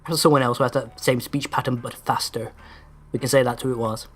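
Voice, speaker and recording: Male let's-play host, mid-pitched, sarcastic and crisply over-enunciated. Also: steady tone, quick pace. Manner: sardonic, sweary, over-pronounces words. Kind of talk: casual gameplay commentary.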